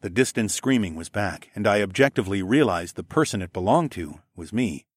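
Expressive low-voiced male narrator. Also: a little fast, no room sound, studio quality. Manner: expressive, acts out dialogue. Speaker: audiobook narrator. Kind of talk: first-person fantasy narration.

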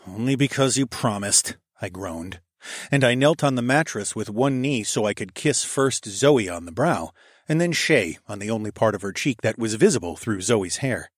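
A man's voice: on the low side, expressive, normal speed, breathy edge, dry recording, clean studio sound. A man narrating a first-person romantic fantasy story, intimate and wry, switching between narration and dialogue. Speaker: audiobook narrator.

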